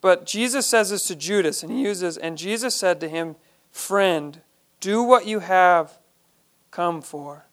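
A man's voice: high voice, unhurried. A man leading a Bible study, reading each verse aloud and then explaining it in plain, earnest terms.

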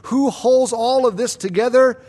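Male preacher, pitched high, who hammers key points slowly and quizzes his listeners. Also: darkish tone. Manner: emphatic, slows down and rises on key claims; asks the congregation rhetorical questions. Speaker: pastor. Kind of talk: expository sermon.

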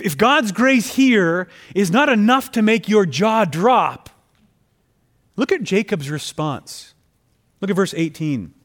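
A man preaching a sermon, reading scripture aloud and pressing his points with rising emphasis, calling his listeners friends. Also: high voice.

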